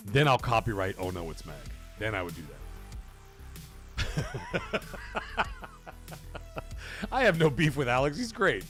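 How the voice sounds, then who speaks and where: A man's voice: mid-range voice, a little slow, long pauses, faint music behind. A man hosting a late-night gaming livestream, chatting loosely, swearing freely and reading out and thanking viewers from the chat. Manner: animated, profane, thanks viewers and reads chat aloud. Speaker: livestream host.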